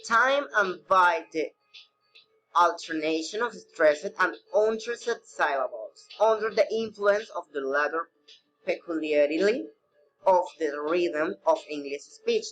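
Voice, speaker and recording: A man teaching a recorded English pronunciation lesson, reading slowly with non-native phrasing. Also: high voice, fairly bright tone, low-quality recording.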